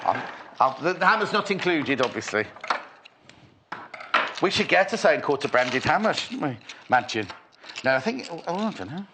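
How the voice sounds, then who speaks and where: A man's voice: a little high, very animated, moderate pace, pauses often, noisy background. A man from Northwest England hosting a live sewing shopping show, chatty and teasing as he reads out viewer messages. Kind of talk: live studio chat.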